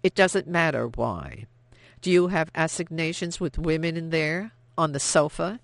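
A man's voice: fairly high pitch, expressive, a little slow, vocal fry, no room sound. A narrator reading the lines of a stern, cold father who curtly scolds his grown daughter. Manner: cold, curt and disapproving.

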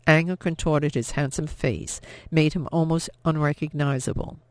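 A man narrating an audiobook in a steady, measured storytelling manner. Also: fairly high pitch, no echo. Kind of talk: scripted narration.

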